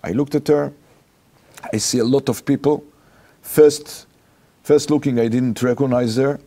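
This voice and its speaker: Slow, gravelly Israeli rabbi telling a story. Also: male voice, medium pitch. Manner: animated storytelling in halting, non-native English. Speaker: rabbi, interview guest. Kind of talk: personal anecdote told in an interview.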